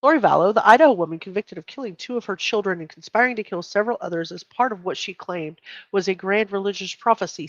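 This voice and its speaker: A chatty American woman hosts a true crime livestream from home, mixing news reads with quick asides and laughs. Her mid-pitched voice comes through a slightly dull, dry mic with no room sound. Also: no room sound. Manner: chatty, laughs often, reads headlines aloud. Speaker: livestream host.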